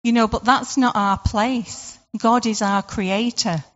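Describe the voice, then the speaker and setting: A woman's voice: a little high, fairly even intonation, slow pace, a bit bright, long reverb tail. A woman giving an informal devotional talk, chatty and full of rhetorical questions and "sort of" fillers. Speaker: devotional speaker. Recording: dull lo-fi recording.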